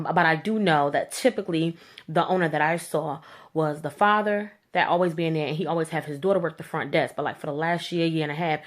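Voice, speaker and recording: A woman telling a story to camera in a blunt, animated rant, with slangy speech and free swearing. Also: sits low. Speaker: vlogger.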